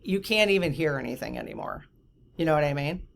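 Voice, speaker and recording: Low-voiced indignant woman in her fifties. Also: brisk, gravelly, a little hiss or hum. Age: 50s. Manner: animated, indignant, lots of fillers and asides. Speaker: vlogger. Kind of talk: casual storytelling to camera.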